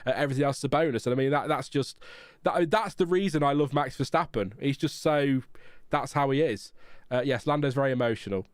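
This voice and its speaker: A man's voice: medium pitch, normal speed, clean tone, dry recording, clean studio sound. A man hosting a casual live watchalong stream, chatting frankly and rambling with fillers. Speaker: livestream host.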